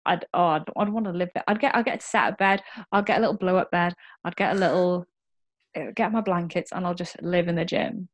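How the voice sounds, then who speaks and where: Young woman, lowish voice, open and chatty, swears a bit. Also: a little fast. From Wales. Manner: candid, swears, swings from laughing to reflective. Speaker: guest. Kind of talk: casual chat.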